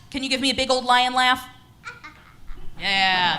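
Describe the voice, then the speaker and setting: A woman leading children's story time in a church service, gentle, encouraging and animated as she guides the kids. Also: a little high, moderate pace, rough recording. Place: church sanctuary.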